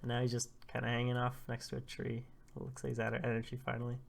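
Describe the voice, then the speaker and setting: A man's voice: medium pitch, fast talker, gravelly. A man casually narrating a comic chapter live, reacting and laughing as he goes. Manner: animated, laughs often, blurts out reactions. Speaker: comic readthrough host.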